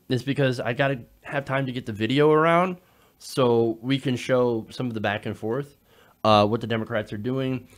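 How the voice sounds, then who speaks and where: A man hosting a political commentary show, talking in an animated way with frequent fillers and restarts. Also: mid-range voice.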